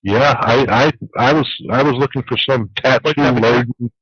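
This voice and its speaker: A man's voice: mid-range voice, steady tone, moderate pace, a bit bright, breathy edge, no room sound. Man teasing the hosts over the phone. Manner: dry teasing humor. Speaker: radio show guest on the phone. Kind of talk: casual call-in talk radio banter. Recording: dull dry lo-fi phone-in audio.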